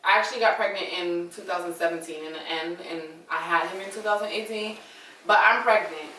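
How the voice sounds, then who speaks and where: Young woman, casual story time, bright voice, roomy echo. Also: fairly low pitch, fairly even intonation, quick pace, recorded from a distance. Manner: chatty, dramatic, addresses viewers as y'all. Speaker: vlogger telling a story.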